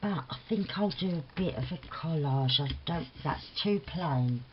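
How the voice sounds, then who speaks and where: An older woman with a broad Cockney London accent chats away in a rambling, homely way, full of little laughs and fond slang. Her voice sits a little low. The recording is a bit dull and lo-fi, with a faint hiss behind her. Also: expressive, moderate pace. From England. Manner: rambling, chatty, laughs often, slang like "bless her" and "lover". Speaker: crafting vlogger. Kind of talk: casual chatty vlog. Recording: slightly dull lo-fi audio with faint noise.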